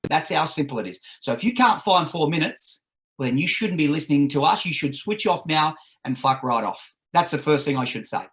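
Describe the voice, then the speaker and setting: Blunt higher-voiced energy coach. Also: male voice, animated, a little fast. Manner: forceful, blunt, instructive, swears. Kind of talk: podcast interview advice.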